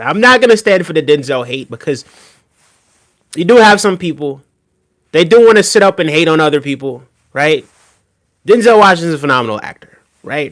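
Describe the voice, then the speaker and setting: A man with a fairly high voice talks on a livestream, reacting to a clip and answering his chat. He presses his points emphatically and keeps tagging them with "right?". His delivery is loose and conversational. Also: fairly bright tone. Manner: emphatic, repeats "right?" often. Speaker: streamer reacting to video. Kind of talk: casual livestream reaction commentary.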